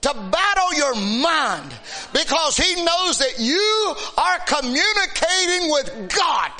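A middle-aged man preaching an impassioned sermon, shouting out lines and then dropping to soft, slow speech. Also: extremely high pitch, very animated.

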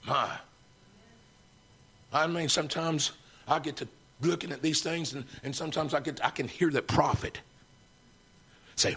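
A middle-aged preacher man, gravelly and husky, his voice bright and forceful. He preaches with fervor, shouting out calls to the congregation and then dropping low and soft. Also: expressive, moderate pace, long pauses. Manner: fervent, swings from shouting to hushed. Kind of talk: sermon.

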